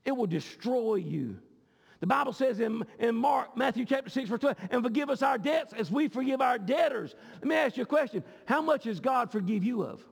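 A man's voice: very high voice, expressive, moderate pace, gravelly, husky. A man pastor, preaching a sermon with passion and often repeating words as he goes. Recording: long hall reverb.

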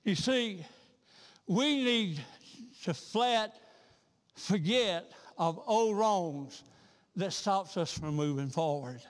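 A man preaching a revival sermon in a church, talking in a rhythmic, repetitive way that swells into loud, fervent peaks. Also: sits high, lively intonation, slow pace, pauses often, in a large hall. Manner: rhythmic, repeats himself, builds to loud fervent crescendos. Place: church sanctuary.

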